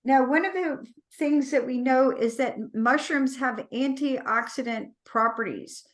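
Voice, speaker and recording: Higher-voiced woman interviewer. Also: measured pace. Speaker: interviewer, medical intuitive healer. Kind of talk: interview questions.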